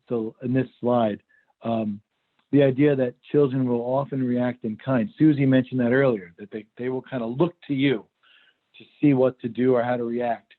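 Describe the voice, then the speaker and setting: A middle-aged man giving a workshop talk and telling a story in an easy, conversational way. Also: medium pitch. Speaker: workshop presenter. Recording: phone-like video call audio.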